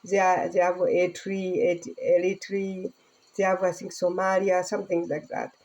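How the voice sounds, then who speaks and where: A woman's voice: lowish voice, little pitch movement, moderate pace, a little mellow, low-quality recording. A woman vlogger in a casual chat, talking in rambling, emotional broken English and laughing often.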